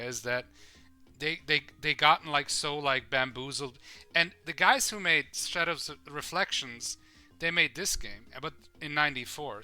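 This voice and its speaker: Male streamer, bright edgy voice, loose rambling commentary with swearing, faint game music underneath. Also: on the high side, clean tone. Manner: rambling, swears casually, thinks aloud while playing. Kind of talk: casual live-stream commentary.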